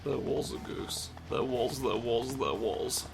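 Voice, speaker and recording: This man's comedic let's play commentary is absurd and rambling, peppered with swearing and abrupt silly voices. He speaks slowly in a mid-range voice with vocal fry, while game music plays loudly underneath.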